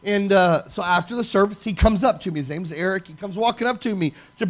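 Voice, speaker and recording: A man's voice: sits high, fast talker. A man preaching, telling a story animatedly and acting out the dialogue. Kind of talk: sermon storytelling.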